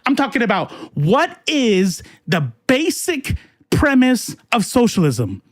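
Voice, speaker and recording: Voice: medium pitch, wildly swooping pitch, takes it slowly, no echo, studio quality. Profane, combative political commentary host. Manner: profane, combative, talks back to chat. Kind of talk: heated political rant to live chat.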